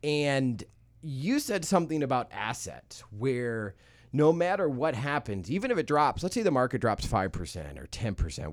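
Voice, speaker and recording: Lively storytelling man, dry sound. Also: mid-range voice, no echo. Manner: animated, acts out voices in stories. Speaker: guest, real estate entrepreneur. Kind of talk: casual podcast storytelling.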